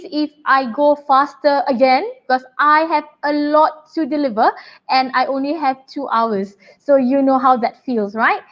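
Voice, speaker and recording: A woman teaching an online writing lesson, brisk and chatty as she talks to her pupils. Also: high voice, dull audio. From Malaysia. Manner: brisk, chatty and apologetic, addressing pupils warmly. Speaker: English teacher.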